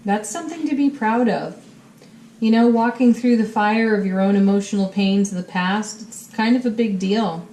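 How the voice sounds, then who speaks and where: A woman's voice: medium pitch, normal speed, dark tone. A woman giving a monthly tarot reading to her viewers in an upbeat, encouraging way, full of spiritual phrasing. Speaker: tarot reader.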